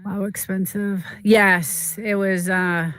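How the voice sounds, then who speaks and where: Casual streamer, rambling, emotional, lots of fillers and restarts, mid pitch. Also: level tone, slow, a bit bright. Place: desert home, indoors.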